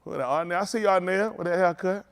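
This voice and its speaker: A man pastor who jokes and banters with his livestream viewers by name, then teaches in an earnest, halting way. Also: high voice, vocal fry, clean tone. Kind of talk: livestream greeting and sermon.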